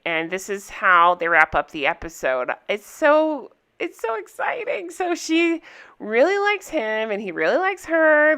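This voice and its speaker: A woman's voice: medium pitch, sharp tone, clear, resonant tone. A woman recapping a reality TV episode for her viewers in casual chat, candid and chatty, laughing often.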